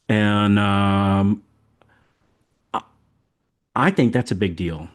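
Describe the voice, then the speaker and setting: Older man from the American South hosts a podcast in a loose, folksy chat. His voice sits a little low, and he rambles with lots of repeated words and restarts. The talk stays easygoing throughout. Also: slow pace, long pauses. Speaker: podcast host. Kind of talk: casual chat.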